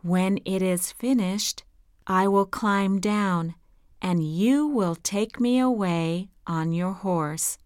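A woman voicing an innocent young girl in a storybook, gentle and earnest. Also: mid-range voice, slow pace, clear, resonant tone, no room sound, clean studio sound, close to an everyday voice.

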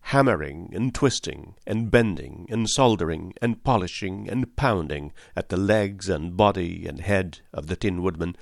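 A man narrates a classic children's story in a calm, measured reading voice. His pitch sits on the low side. The recording is dry and close, with no room sound. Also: gravelly, no echo. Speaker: audiobook narrator.

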